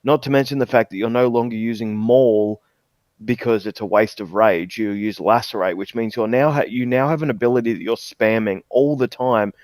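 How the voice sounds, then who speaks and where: A man's voice: on the low side, normal speed, a little mellow, dry recording. A man in a casual podcast chat, confidently explaining game mechanics at length.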